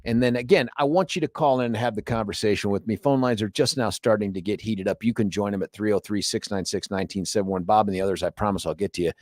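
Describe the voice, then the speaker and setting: A middle-aged man hosting a talk radio show, animated and jokey, chatting into a studio microphone. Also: fairly low pitch, no echo. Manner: animated, jokey, does quick impressions.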